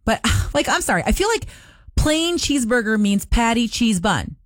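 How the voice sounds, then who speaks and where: A woman radio host telling a story in a casual, animated, incredulous way. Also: on the high side, normal speed, no room sound, studio quality. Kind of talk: casual radio talk segment.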